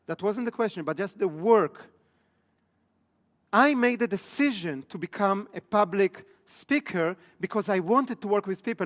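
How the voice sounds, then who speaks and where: A man giving a live business seminar, often checking in with the room. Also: high voice. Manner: asks the room frequent check questions. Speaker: business trainer. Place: training room in front of an audience. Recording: echoey hall.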